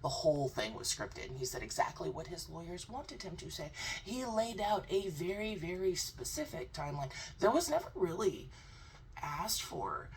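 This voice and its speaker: A woman's voice: lowish voice, big pitch swings, normal speed. A young woman giving a blunt, sarcastic, profane crypto commentary vlog. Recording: distant mic with faint background noise.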